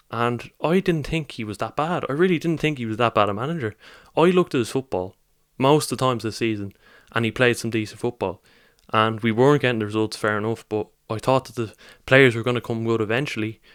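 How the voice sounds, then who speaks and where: A man's voice: mid-range voice, a little fast, fairly bright tone, smooth, dry recording, studio quality. A man, running a football channel, reacting in an upset, rambling and heartfelt vlog. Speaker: football vlogger.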